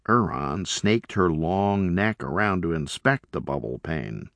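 Slow, expressive male audiobook narrator. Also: sits low, dry recording. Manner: measured, expressive storytelling. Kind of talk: scripted first-person narration.

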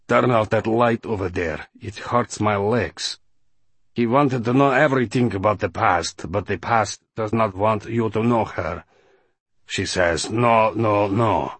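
An audiobook narrator voicing a patient, guarded male translator with a measured, level delivery. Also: lowish voice, husky, no room sound. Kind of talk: audiobook character voice.

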